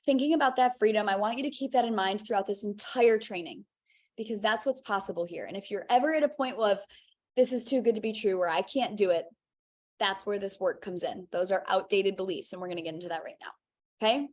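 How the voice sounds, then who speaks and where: A woman's voice: medium pitch, fast. Upbeat woman coaching a live online class. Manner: energetic, encouraging, casual with frequent "okay?" check-ins. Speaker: health and weight loss coach.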